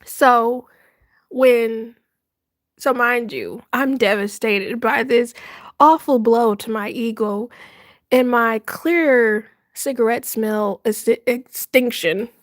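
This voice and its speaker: A woman hosts a casual livestream chat, retelling stories in an animated, dramatic way and breaking into laughter often. Her voice sits a little high and she takes her time with each line. The sound is close and dry. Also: takes it slowly, no room sound. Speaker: livestream host.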